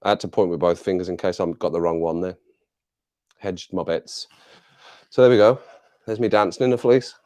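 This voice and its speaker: A chatty English man hosts a casual live chat from his desk at home, talking over his clip-on mic. His voice sits on the low side, and he rambles from joke to aside, laughing as he goes. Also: steady tone, moderate pace, pauses often, dark tone. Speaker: livestream host.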